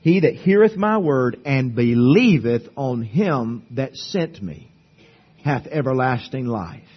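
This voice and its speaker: A male pastor preaching a sermon at a church service, emphatic, swinging between loud declarations and hushed asides. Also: medium pitch, animated, slow pace, breathy edge, highs cut off.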